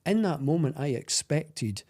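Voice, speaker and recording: A Scottish man telling a personal story as a podcast guest, earnest and halting, with many restarts. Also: a little high, big pitch swings, a little mellow.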